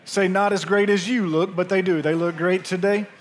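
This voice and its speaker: A pastor preaching to his church, his voice sitting high for a man. He tells his story in an animated, chatty way and keeps turning to the congregation with asides. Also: normal speed. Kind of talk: sermon with storytelling. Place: church sanctuary.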